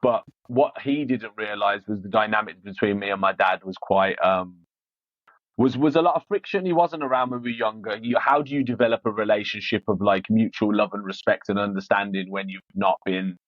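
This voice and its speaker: A man's voice: fairly low pitch, fairly quick, dry recording. Guest, male, frank and unpolished, stumbles and restarts a lot; dry, slightly dull lo-fi recording. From Iran. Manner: frank, repeats words, many restarts. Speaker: podcast guest. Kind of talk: casual interview chat.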